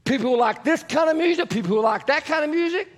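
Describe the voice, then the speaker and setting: A man preaching a sermon as pastor, animated and asking the congregation questions, sometimes rising to shouts. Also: very high-pitched, fast. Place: church sanctuary. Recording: long church reverb.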